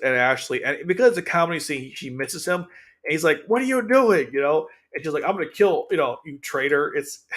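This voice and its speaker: A man hosting his own channel, recapping and commenting on an anime episode in a loose, rambling way with many fillers and restarts. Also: mid-range voice. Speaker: anime reviewer and channel host. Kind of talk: casual episode commentary over video.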